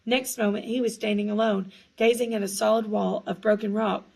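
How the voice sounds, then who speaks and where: Gravelly woman reading a storybook. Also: medium pitch, fairly even intonation, fairly quick, poor audio. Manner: hushed, suspenseful, small slips corrected. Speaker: audiobook reader. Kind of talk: storybook narration.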